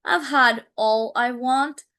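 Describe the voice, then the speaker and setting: Cool sarcastic mother read by a woman, slow, even-toned. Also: fairly high pitch, voice pushed up. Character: middle-aged mother, cool, incisive and sarcastic.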